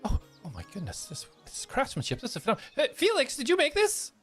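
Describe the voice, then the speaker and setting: A man voicing an excitable young woman inventor who gushes, stumbles and apologizes. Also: mid-range voice, fairly quick, slightly rough, soft background music, pitched above the performer's own voice. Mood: awed. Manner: breathless, gushing, stumbling over apologies.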